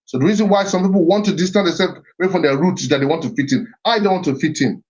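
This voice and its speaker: Here the middle-aged man's voice is high-pitched and darkish, coming out rapid-fire. His talk on heritage and identity is earnest and reflective, full of repetition and restarted phrases, captured in a slightly muffled recording.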